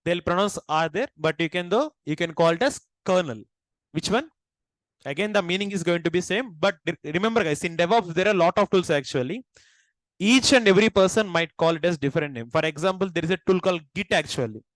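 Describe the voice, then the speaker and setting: Indian man, high voice, lecturing a class and quizzing students, dry close recording. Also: animated, fairly quick, fairly bright tone, no echo, low-quality recording. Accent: Indian English. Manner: asks the class questions and repeats key points. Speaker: teacher.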